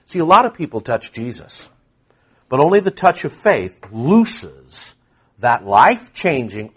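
A man preaching a sermon, shifting from hushed asides to loud, stressed peaks and repeating words for emphasis. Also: mid-range voice, very animated, a little slow, breathy edge.

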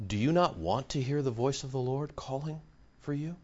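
A man's voice: mid-range voice, moderate pace, darkish tone, highs cut off. A man preaching a sermon to his congregation. He asks rhetorical questions and repeats phrases for emphasis. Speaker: pastor.

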